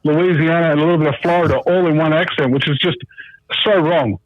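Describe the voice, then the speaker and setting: A man's voice: on the high side, steady tone, fast talker, no room sound, highs cut off. An Australian man telling jokes as a comedian guest in casual podcast banter, brash and profane, on a new microphone over a remote call. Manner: joking storyteller, brash and profane.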